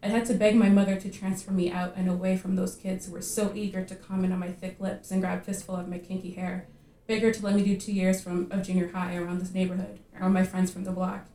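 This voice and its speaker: A woman reading her own fiction aloud at a live literary reading, measured and vivid in her storytelling. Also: medium pitch, level tone, dark tone, recorded from a distance, a little hiss or hum. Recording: echoey room at a live reading.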